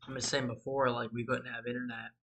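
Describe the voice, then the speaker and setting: A man's voice: medium pitch, little pitch movement, fast talker, fairly bright tone. A man hosting a gaming channel, chatting casually and rambling through a story over his gameplay, losing his thread and swearing freely.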